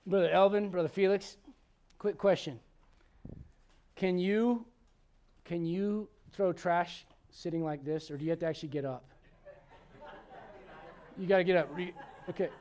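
A man's voice: high-pitched, steady tone, unhurried, pauses often, dark tone. A man in his forties preaching a sermon, acting out Bible characters with humor. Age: 40s. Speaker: pastor.

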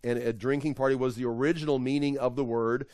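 A man's voice: medium pitch, steady tone, fast talker, a little mellow, no room sound. A man leading an evening Bible study, teaching in a conversational, emphatic way and often correcting himself.

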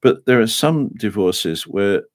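A middle-aged man preaching a sermon, earnest and measured, slowing down to dwell on scripture quotations. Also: fairly low pitch, animated, dry recording. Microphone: podcast microphone.

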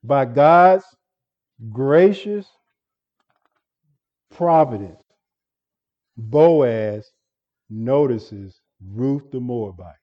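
A man's voice: mid-range voice, expressive, very slow, pauses often, highs cut off. A man preaching an expository sermon as pastor, earnest and stumbling over repeated words as he explains a passage.

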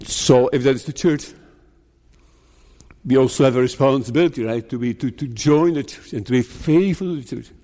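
A man preaching a sermon as pastor, slow and deliberate, putting rhetorical questions to his listeners. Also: mid-range voice, warm tone. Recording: long reverb of a large hall.

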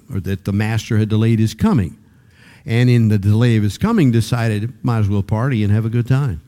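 Older male preacher, mellow and relaxed tone; chatty sermon delivery with stumbling restarts, builds to loud high-pitched emphasis. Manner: repeats words when starting sentences.

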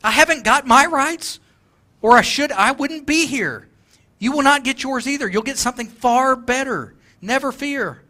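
Man playing a bright, earnest saved young man, soft pleading reassurance. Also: very high voice, normal speed, pitched above the performer's own voice.

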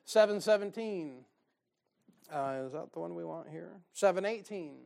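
A man delivers a sermon. He talks in a folksy, joking way and often rises into loud, fired-up bursts of preaching. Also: on the high side, moderate pace, vocal fry.

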